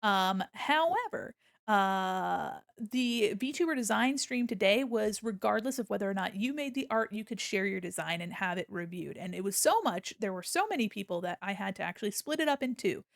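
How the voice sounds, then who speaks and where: A woman streamer in casual live-stream chat, playfully yelling mock insults at her chat between friendly thank-yous. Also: medium pitch, lively intonation, moderate pace, vocal fry, no echo, clean studio sound.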